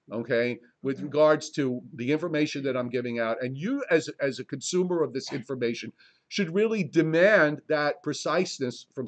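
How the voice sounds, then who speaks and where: A man, a meteorologist, giving a casual public presentation in a library room, rambling with wry jokes and frequent restarts. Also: a little high.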